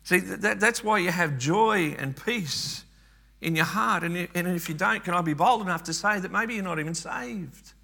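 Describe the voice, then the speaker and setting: A man's voice: high-pitched, moderate pace, creaky, bright, forceful tone. A man preaching a sermon earnestly, often repeating words and restarting phrases.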